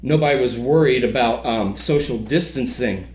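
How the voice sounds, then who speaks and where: A man's voice: mid-range voice, normal speed, a little mellow, reverberant, a little hiss or hum. A man talking as a podcast guest in casual conversation, heated, emphatic and profane.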